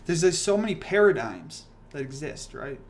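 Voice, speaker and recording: A young man hosts a casual livestream, ranting animatedly, reading comments, rambling, and swearing. His voice is a little high, at a moderate pace.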